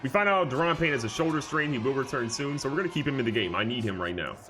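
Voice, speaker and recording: A man giving excitable, jokey live commentary over a football video game, moving from calm play calling to loud outbursts. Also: mid-range voice, fast talker, over music. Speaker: gaming YouTuber.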